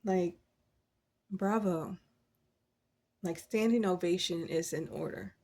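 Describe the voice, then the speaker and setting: A woman giving a casual, encouraging tarot reading, chatty and quick to laugh, quoting scripture as she talks. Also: fairly low pitch, darkish tone. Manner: quotes scripture. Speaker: tarot reader.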